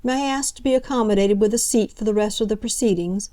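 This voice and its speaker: A frail old gentleman of a witness, fussy and formal, his voice quavering and raised a little above the teller's usual pitch, as a woman reads him in a storybook. He takes his time over every word, soft and mellow in tone. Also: fast, close to an everyday voice. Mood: earnest, quavering.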